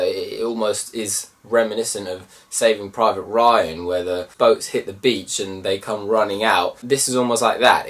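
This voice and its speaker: A man giving a casual film review, animated and mimicking voices in bursts. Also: mid-range voice, distant mic.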